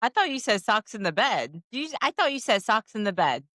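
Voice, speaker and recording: A woman's voice: mid-range voice, sing-song, brisk, fairly bright tone, no room sound, studio quality. A woman co-hosting a podcast, talking candidly and casually about her dating life. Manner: candid, frank dating talk. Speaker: podcast co-host. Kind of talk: casual chat.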